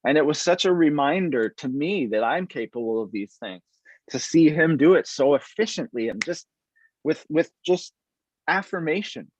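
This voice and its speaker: A man, a military veteran and interview guest, speaking in a reflective, halting way with frequent restarts over a video call. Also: fairly high pitch, expressive, a little hiss or hum. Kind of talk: earnest conversational interview. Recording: slightly dull, dry video-call audio.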